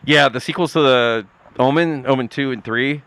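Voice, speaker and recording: A man's voice: medium pitch, moderate pace, fairly bright tone, smooth, dry recording. A man co-hosting a podcast, telling stories in a loose, filler-heavy casual chat. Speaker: podcast co-host.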